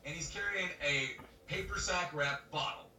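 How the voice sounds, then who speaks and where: A man co-hosting a podcast, telling a story in casual chat, animated and laughing as he acts out other people's lines. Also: fairly high pitch, moderate pace, crowd noise. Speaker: podcast co-host. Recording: roomy webcam mic from a distance, faint noise.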